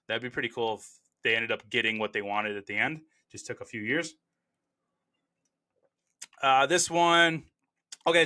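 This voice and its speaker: A man hosting a casual movie review, chatty and relaxed, often pausing on "uh" as he talks through scenes and quotes. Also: fairly high pitch. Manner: relaxed, chatty, frequent "uh" fillers.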